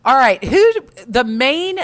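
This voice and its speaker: A woman's voice: high voice, very animated, slow pace. A middle-aged woman chatting on a podcast, her voice leaping up and down as she tells a story. She laughs easily and talks with bubbly animation. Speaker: podcast co-host. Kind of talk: casual chat.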